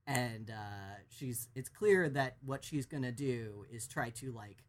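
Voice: mid-range voice, takes it slowly. A podcast co-host recapping a TV plot in a casual, rambling way with many fillers. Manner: rambling, lots of fillers and restarts.

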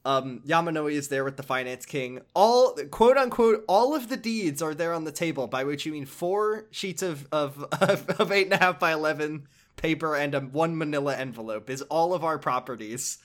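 A man's voice: fairly high pitch, normal speed, hardly any pauses, fairly bright tone. A man hosting a podcast, recapping a video game in a rambling, hesitant, swearing way.

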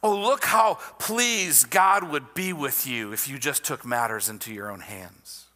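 A man's voice: mid-range voice, a little slow, long reverb tail, voice pushed down. A man putting on a sly whispery serpent. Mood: coaxing. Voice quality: hushed, whispery. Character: sly coaxing serpent, tempter voice.

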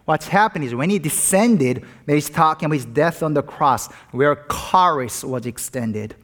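A man pastor delivers a sermon in an earnest, animated manner, weaving in personal stories. His voice sits somewhat high for a man. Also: moderate pace.

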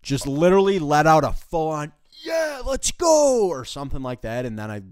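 A man's voice: a little high, expressive, fast, darkish tone, smooth, no room sound. A young man chatting casually as a podcast co-host, laughing along and swearing now and then. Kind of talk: casual chat.

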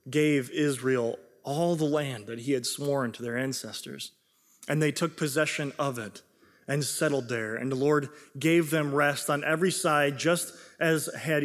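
Casual young man preaching in a reverberant hall. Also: on the high side. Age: young adult. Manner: casual, self-deprecating, repeats words when excited. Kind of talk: sermon.

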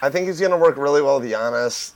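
A young man who is a guest on a casual podcast, talking quick-witted and teasing. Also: mid-range voice.

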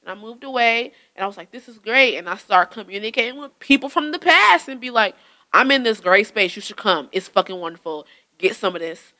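A young woman from Michigan in casual profane chat, animated and laughing often. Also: on the high side, brisk.

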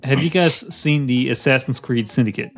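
A man hosting a casual gaming podcast, making quick self-mocking asides. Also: mid-range voice, soft background music. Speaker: podcast host.

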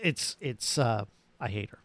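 Animated man chatting about a movie. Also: mid-range voice, a little slow, no room sound. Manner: animated, acts out lines from scenes. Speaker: podcast co-host. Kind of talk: casual movie discussion.

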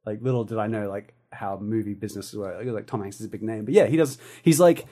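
A man co-hosting a podcast in casual chat, animated and jumping into silly voices. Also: lowish voice, fast talker. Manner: animated, breaks into silly character voices and laughs. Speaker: podcast co-host.

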